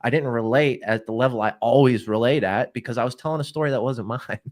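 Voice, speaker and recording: A man's voice: mid-range voice, fast. A man co-hosting a live stream, talking earnestly, often repeating words and restarting sentences. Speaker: co-host.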